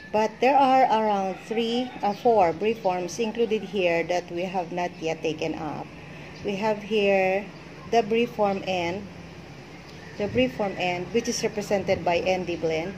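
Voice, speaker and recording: Slow-paced Filipino woman teaching. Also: medium pitch, background noise. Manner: slow, deliberate spelling out of letters with code-switching. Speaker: shorthand teacher. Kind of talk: instructional lesson.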